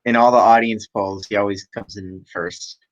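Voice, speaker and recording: A man steering a relaxed discussion stream, putting easygoing questions to his co-host. His lowish voice comes through an online call. The sound is dull and lo-fi but dry and close. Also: normal speed, dry recording. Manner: easygoing, moderating, asks the questions.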